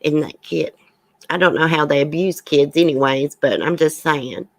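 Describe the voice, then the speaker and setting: A woman's voice: sits low, moderate pace, no echo. A woman hosting a true crime commentary livestream, reading news items aloud and giving blunt opinions to her chat viewers. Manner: reads news aloud, then gives blunt outspoken opinions. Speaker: livestream host.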